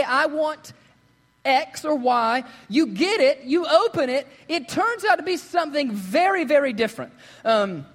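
High-voiced male preacher in a reverberant hall. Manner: joking, storytelling, quotes others in lively voices. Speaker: pastor. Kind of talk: casual sermon. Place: church sanctuary.

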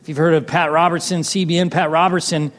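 Delivering a sermon-style personal testimony, a man speaks quickly at a slightly raised pitch that barely moves. He alternates between loud, exclaimed lines and soft, hushed ones, and his voice carries a long reverb like in a big hall.

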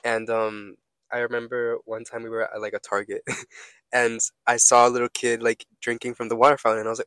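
Young man, podcast co-host, rambling storyteller, bright tone, dry close sound. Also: mid-range voice, flat delivery, brisk, clear, resonant tone, no echo. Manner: rambling storyteller, swears a lot. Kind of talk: casual chat.

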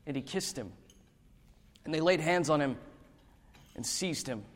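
Man reading scripture in a reverberant hall. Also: on the high side. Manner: measured, dramatic, slow reading.

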